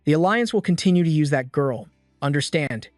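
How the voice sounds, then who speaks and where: A man voicing a calm, cold young male swordsman with a firm, grim delivery. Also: on the high side, a little fast, dry recording, clean studio sound, soft background music, lightly acted.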